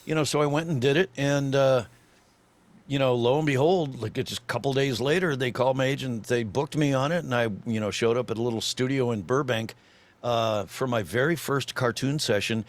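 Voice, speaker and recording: An older man, a voice actor guest on a podcast, telling an animated story with lots of restarts and fillers. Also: mid-range voice, brisk.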